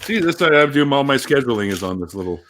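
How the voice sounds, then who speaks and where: A man's voice: mid-range voice, big pitch swings, fast talker, a bit bright. A man co-hosting a livestream in casual chat, laid-back, swearing and stalling with fillers. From Canada. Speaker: livestream co-host.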